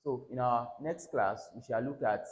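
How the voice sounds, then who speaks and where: A man teaches a pronunciation lesson in a mid-pitched voice. He repeats each word and keeps checking in with "all right?". The sound carries the echo of a bare room. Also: moderate pace. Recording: echoey room.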